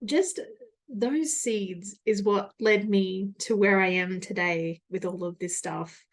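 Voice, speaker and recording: Brief: woman in her thirties, solo podcast host, candid and rambling, self-mocking, frequent laughter. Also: mid-range voice.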